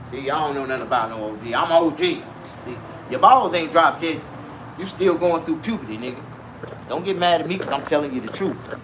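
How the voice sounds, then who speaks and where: Loud crude man ranting to camera. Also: on the high side, moderate pace, noisy background. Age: 40s. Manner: loud, crude, animated street slang. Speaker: vlogger. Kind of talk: casual comedic rant to camera.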